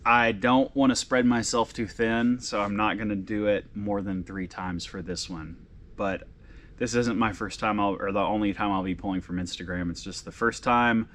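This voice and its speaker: A man in his thirties hosting a casual vlog, reading fan messages aloud, halting and emotional with frequent restarts. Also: lowish voice, fairly even intonation, a bit bright. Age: 30s. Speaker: vlog host and tattoo artist.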